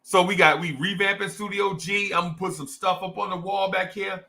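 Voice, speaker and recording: A man's voice: high voice, steady tone, a little fast, gravelly, bright, forceful tone. A young adult man from New Jersey with a New Jersey accent, hosting a casual fan show in a slangy, repetitive, hype way. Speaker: sports show host. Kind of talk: casual livestream chat to fans.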